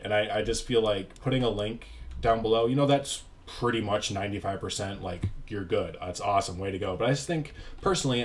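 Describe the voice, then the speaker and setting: A young man talks over his gameplay in a loose, rambling way, full of fillers and little self-deprecating asides. His voice sits on the low side for a man. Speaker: YouTuber. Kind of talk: casual gameplay commentary.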